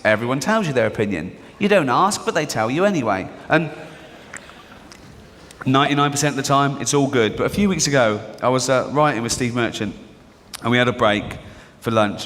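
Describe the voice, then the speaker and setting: A man's voice: mid-range voice, fairly bright tone, big-room sound, a little hiss or hum. A middle-aged Englishman with an English accent doing a mocking stand-up comedy routine. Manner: mocking, sardonic, acts out characters in the bits.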